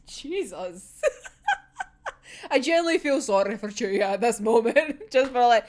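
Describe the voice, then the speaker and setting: Girl ranting about manga, laughs a ton, high bouncy voice. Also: takes it slowly, long pauses. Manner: giggly, sweary, excitable. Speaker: manga reaction vlogger. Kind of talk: casual reaction chat.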